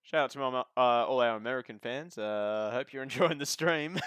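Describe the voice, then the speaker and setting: A man's voice: mid-range voice, normal speed, fairly bright tone, clear, resonant tone, no echo, studio quality. Chatty man on race commentary. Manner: chatty, joking, talks to chat. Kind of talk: casual live sim racing commentary.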